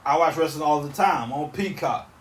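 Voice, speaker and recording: Man in his thirties, podcast host, emphatic repetitive rant, slightly high voice, roomy off-mic sound. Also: normal speed, a little hiss or hum. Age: 30s. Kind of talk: casual solo rant. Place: back porch outdoors.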